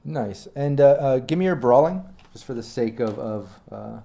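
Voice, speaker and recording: An easygoing male game master narrates a tabletop role-playing session. He calls for rolls and describes the action in a mid-pitched, unhurried voice. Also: lively intonation, gravelly, warm tone.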